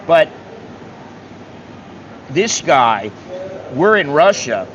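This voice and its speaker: A man from the United States tells a rambling travel story in a slightly high voice, blunt and swearing as he acts out the other people. The sound is dull and lo-fi, with a faint air-conditioner hum behind him. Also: sing-song, extremely slow, fairly bright tone. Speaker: travel vlogger. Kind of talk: casual storytelling monologue.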